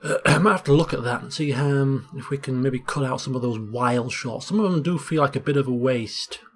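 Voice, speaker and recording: A man casually commentating over a football management game he plays, chatty and excitable. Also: mid-range voice, a little fast, breathy edge. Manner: chatty, bursts into excited shouting at goals. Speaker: Let's Play host.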